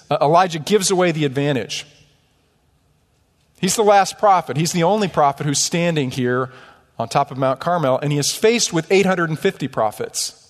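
Lively preaching man in a church hall. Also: on the high side. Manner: animated, mocking asides and rhetorical questions. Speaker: pastor. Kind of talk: sermon. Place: church sanctuary.

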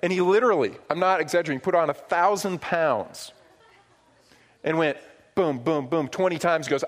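Animated middle-aged preacher man. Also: a little high, unhurried. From upstate New York. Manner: storytelling, animated swings from hushed to loud. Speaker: pastor. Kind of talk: sermon.

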